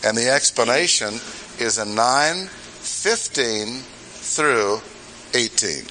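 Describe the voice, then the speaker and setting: Bright-voiced man preaching a sermon. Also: medium pitch, animated, slow, a little hiss or hum, low-quality recording. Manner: conversational, with rhetorical questions and humorous asides. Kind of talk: expository sermon.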